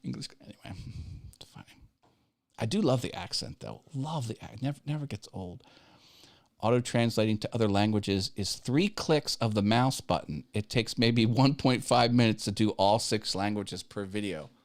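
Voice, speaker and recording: A man's voice: on the low side, moderate pace. A man hosting a casual live stream, rambling and restarting his sentences and chuckling at his own jokes. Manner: rambling, self-interrupting, laughs at own jokes. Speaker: YouTube live show host.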